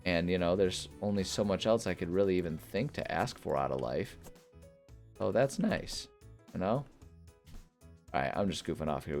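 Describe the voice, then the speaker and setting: A man's voice: deep voice, gravelly. A man hosting a gameplay video, chatting casually and rambling with many fillers. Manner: rambling, filler-heavy, relaxed. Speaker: gaming video host.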